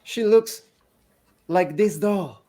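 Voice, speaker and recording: A man's voice: high voice, extremely slow, mellow, voice pushed up. A man voicing a grieving, half-mad village mother who pleads in broken, repeated phrases. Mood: dazed.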